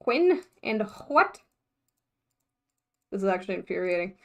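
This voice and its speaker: A young woman talks casually to a livestream chat, her voice sitting at an ordinary middle pitch. She thinks out loud in a scattered, chatty way, breaking off often to laugh. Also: very animated, a little slow, dull audio. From United States. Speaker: mermaid vlogger livestreaming.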